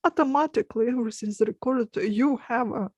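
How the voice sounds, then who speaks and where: A woman's voice: on the high side, fairly quick, a little mellow, no room sound, dull audio. A woman with a Russian accent, a hypnotist talking in a casual panel chat, earnest and friendly with frequent laughs.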